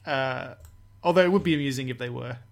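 A man's voice: mid-range voice, fast talker, vocal fry. A man co-hosting a casual podcast, joking, laughing often and trailing off in hesitations. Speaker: podcast co-host. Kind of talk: casual chat.

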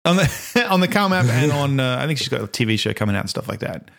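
Gravelly man chatting loosely. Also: medium pitch, sing-song, fast talker, fairly bright tone. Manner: rambling, self-interrupting, laughs often. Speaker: podcast co-host. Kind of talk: casual chat.

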